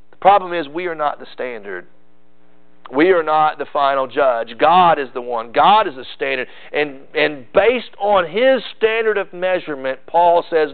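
A man's voice: a little high, expressive, a little slow. A man preaching a sermon as the church's pastor, emphatic, repeating phrases to drive each point home. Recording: tinny phone-like sound.

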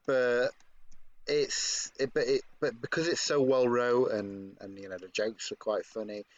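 A man's voice: mid-range voice, fairly even intonation, a little slow. A man co-hosting a casual podcast, hesitant, with many ums and restarts. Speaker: podcast co-host. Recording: dull lo-fi mic with faint noise.

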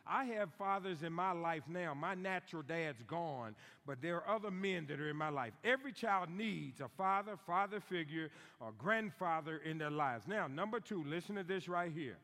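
A middle-aged man preaching a sermon in a church, emphatic and repeating key lines slowly for stress. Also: on the high side, expressive, sharp tone. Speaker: guest preacher on fathering. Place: church sanctuary. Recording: long hall reverb.

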